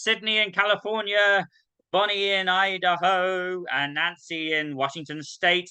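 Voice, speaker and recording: A man's voice: high voice, bright, forceful tone, clear, resonant tone, no echo. A man hosting a video-call singing session, chatty and self-mocking as he reads out greetings. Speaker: host. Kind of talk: casual welcome and roll call.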